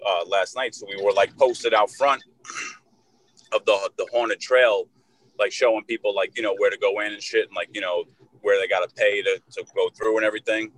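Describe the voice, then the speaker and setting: A young man co-hosting a casual podcast, telling a long story full of swearing and filler words, and loudly acting out the shouted lines of the people in it. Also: on the low side, fairly even intonation, brisk, low-quality recording. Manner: profane, rambling, with heavy fillers; acts out shouted quotes in a raised voice. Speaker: podcast co-host.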